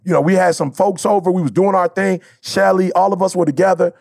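A man's voice: high voice, fairly even intonation, fast talker, gravelly, darkish tone, no echo, studio quality. A man co-hosting a podcast, talking in a casual, heartfelt way. He is emphatic and slangy and repeats his points. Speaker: podcast co-host.

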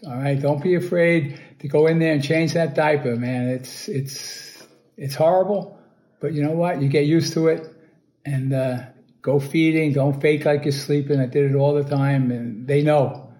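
A man's voice: fairly high pitch, fairly even intonation, a little slow, warm tone. An older man recording a blunt, joking message of fatherly advice. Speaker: father of the host.

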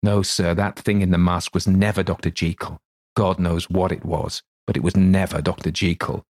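A loyal old manservant, shaken and insistent, telling his tale in plain, earnest words, voiced by a man reading the story. The voice sits low and full. It is an audiobook reading, not a full cast. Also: flat delivery, moderate pace, a little mellow. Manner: earnest, plain-spoken servant's speech. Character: loyal frightened old male butler.

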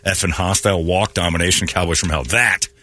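A man hosting a morning radio show, telling animated stories and acting out the people in them in a casual, joking way. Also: deep voice, fast. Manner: animated storytelling with laughs and acted-out quotes.

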